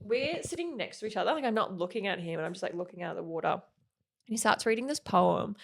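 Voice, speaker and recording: A woman's voice: medium pitch, fast, gravelly. Chatty young woman full of "like". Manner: rambling, heavy use of "like"; animated when quoting. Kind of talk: casual storytelling chat.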